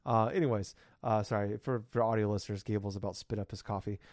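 A man's voice: fairly low pitch, fairly even intonation, fast, darkish tone, no room sound, clean studio sound. A man in his thirties hosting a casual podcast, rambling and ranting with lots of swearing. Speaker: podcast host.

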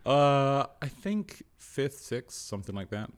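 A man's voice: medium pitch, big pitch swings, slow pace. A man from southeast London with an English accent, a pastor chatting as a podcast guest in a playful way and laughing often. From England, southeast London. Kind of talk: casual conversation.

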